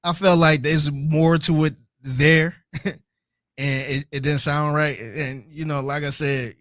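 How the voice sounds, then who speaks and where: Animated man with a dry close voice. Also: fairly high pitch, takes it slowly, no room sound. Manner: animated storytelling, laughs between points, repeats himself. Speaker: podcast co-host. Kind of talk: casual podcast chat.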